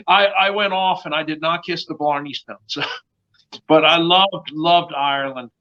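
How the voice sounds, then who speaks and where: A man with a Northern US accent hosts a podcast interview and tells a lively story in a chatty way. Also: high voice, normal speed. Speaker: podcast host. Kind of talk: casual interview chat. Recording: dull lo-fi sound.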